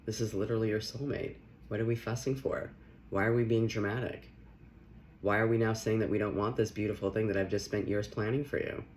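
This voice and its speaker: A man voicing a calm, patient God figure who gently scolds with rhetorical questions. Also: fairly low pitch, fairly quick, slight background noise, close to an everyday voice. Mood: teasing patience.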